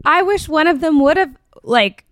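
A woman's voice: high voice, expressive, moderate pace, no room sound, clean studio sound. A woman co-hosting a podcast, chatting casually and thoughtfully with many fillers. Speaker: podcast co-host. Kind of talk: casual recap chat.

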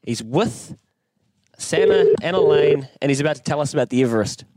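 A man's voice: on the high side, lively intonation, a little fast, darkish tone, no room sound. A man with a New Zealand accent hosting a podcast in upbeat, casual chat. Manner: upbeat, chatty, hedging with fillers. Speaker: podcast host. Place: on site at a bloodstock sales venue.

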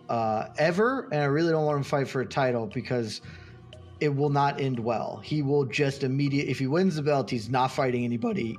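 A man's voice: mid-range voice, darkish tone. A man on a panel arguing his pick with a wry tone, now and then mocking others in a put-on voice. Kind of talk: casual debate.

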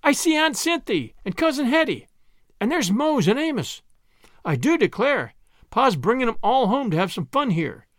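Man doing a high timid farm girl. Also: big pitch swings, moderate pace, a bit bright, dry recording, clean studio sound, exaggerated voice. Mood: pleading.

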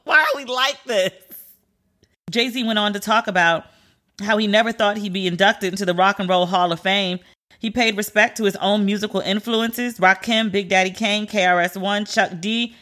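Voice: mid-range voice, moderate pace, pushed and bright. A commentator reading entertainment news aloud in a casual, chatty way and reacting openly between the items.

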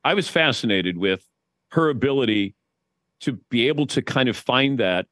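A man's voice: medium pitch, lively intonation, normal speed, a bit bright, no room sound, clean studio sound. A man in his sixties, a guest sportscaster, telling wry stories in casual chat with frequent restarts.

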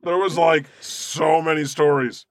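A man hosting a comedy podcast as God, irreverent and boastful, swearing freely and cracking deadpan jokes. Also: a little high, unhurried, no echo, clean studio sound. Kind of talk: improvised comedy chat in character.

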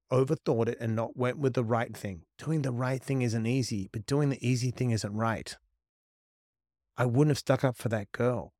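A middle-aged man, a podcast guest, telling stories in an animated, profane way and acting out quoted lines. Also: mid-range voice, no echo, clean studio sound. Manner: profane, emphatic, acts out quotes. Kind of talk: animated storytelling.

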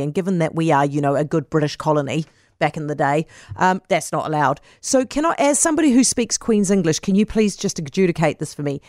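A woman's voice: sits low, darkish tone, no room sound, studio quality. A woman from New Zealand hosting talk radio, playful and teasing. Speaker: radio drive-time host.

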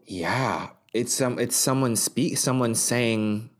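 A man's voice: medium pitch, slow. A man with a mid-range voice co-hosts a casual chat. He reacts to what he hears with big, dramatic comments and wide-eyed enthusiasm. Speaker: podcast co-host.

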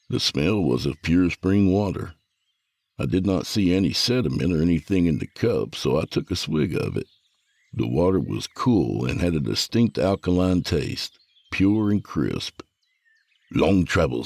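A man narrating a first-person story with a gravelly, husky voice. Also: low voice, animated, normal speed, darkish tone, no room sound.

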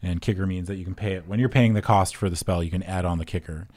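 A man from Canada, a podcast guest, talking about his card deck in a relaxed, laid-back way. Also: deep voice, fast. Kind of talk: casual card game discussion.

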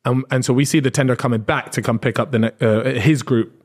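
A man's voice: mid-range voice, quick pace. Man telling a rowdy story. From Britain. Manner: animated, swearing, acts out quotes. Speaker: podcast co-host. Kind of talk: casual storytelling chat.

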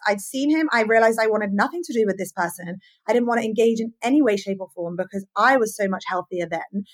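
A woman hosts a casual podcast conversation, her voice husky and a little breathy. She talks candidly and with energy. Her pitch sits in an ordinary middle range. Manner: candid and animated, sharing personal stories. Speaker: podcast host.

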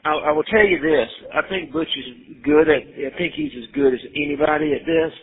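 A man's voice: on the high side, normal speed, breathy edge. A middle-aged man on a recorded jail phone call, coaching and insisting, repeating his points. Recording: tinny jail phone line.

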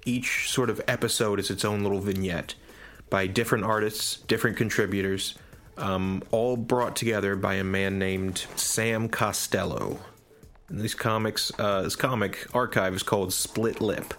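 A man co-hosting a podcast in casual chat, retelling a story with animated enthusiasm. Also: lowish voice, moderate pace, faint music behind. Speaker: podcast co-host.

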